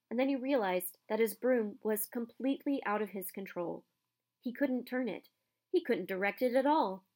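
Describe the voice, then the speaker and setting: A woman narrating a storybook aloud with an expressive reading. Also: fairly high pitch.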